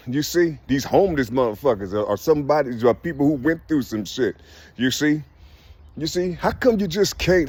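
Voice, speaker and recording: A man, delivering a rambling, preachy street monologue to the camera, repeating "you see?" and laughing often. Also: fairly high pitch. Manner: drops to a soft murmur when talking to birds.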